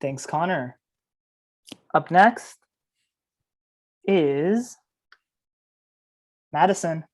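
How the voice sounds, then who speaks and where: A game host introducing contestants one by one in a steady announcing manner. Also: mid-range voice, drawn-out words, pauses often.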